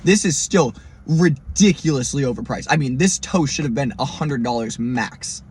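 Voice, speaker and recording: A man hosting his own podcast, telling listeners a first-person road story in a casual, profane, animated way. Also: medium pitch, normal speed, a little hiss or hum. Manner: speaks straight to listeners as "guys". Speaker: podcast host.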